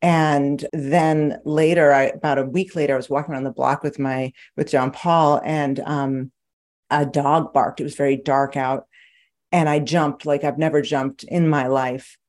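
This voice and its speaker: Woman guest on a podcast, kinda low voice, animated storyteller, laughs all the time. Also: a little slow. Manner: lively storyteller who laughs often. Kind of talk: casual interview chat.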